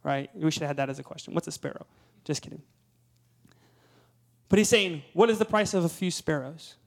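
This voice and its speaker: A man's voice: fairly high pitch, brisk. Emphatic storytelling preacher, a man. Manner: storytelling, rising to emphatic peaks. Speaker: guest preacher. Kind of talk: sermon.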